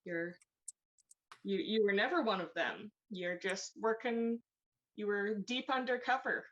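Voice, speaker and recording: A woman voicing a young male tiefling who coaxes and reassures in a soft, soothing way. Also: mid-range voice, a little slow, highs cut off, natural voice. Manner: coaxing, reassuring, sidestepping the truth.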